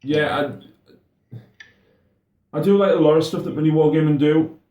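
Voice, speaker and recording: A man's voice: fairly high pitch, fairly even intonation, normal speed, dull audio. Hesitant young guy, echoey. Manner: hesitant, stammering restarts. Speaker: co-host. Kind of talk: casual chat.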